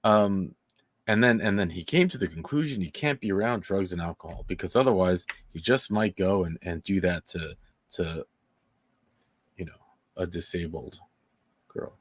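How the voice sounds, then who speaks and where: A man hosting a true-crime commentary show in a casual, indignant and sarcastic way, halting often and restarting his sentences. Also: deep voice, no room sound.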